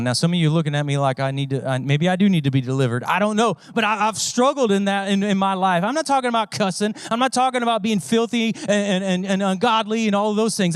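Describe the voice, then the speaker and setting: A pastor with a high voice delivers a sermon in a conversational, storytelling style, circling back to repeat his phrases. The clean sound is dry and close, without room echo.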